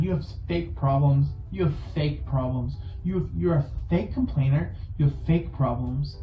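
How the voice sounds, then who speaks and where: A woman's voice: low-pitched, normal speed, hardly any pauses, slight background noise. A woman ranting mockingly in a played clip, sarcastic and swearing, with exaggerated fake crying. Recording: distant, roomy, dull played-back clip.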